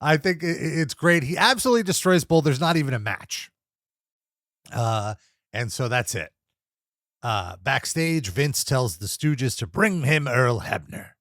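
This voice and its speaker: Unhurried and mid-range in voice, this young man co-hosts a casual podcast reviewing wrestling episodes. He recaps matches in a lively way, laughs a lot, and imitates wrestlers and announcers, all in studio quality with no room sound.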